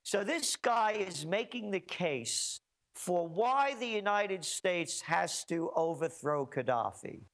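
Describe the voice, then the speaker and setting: A man ranting as an interview guest, his pitch swinging widely from one phrase to the next. He piles up rhetorical questions and hammers his points home with heated emphasis. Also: animated, slow pace, a bit bright. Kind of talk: heated political commentary.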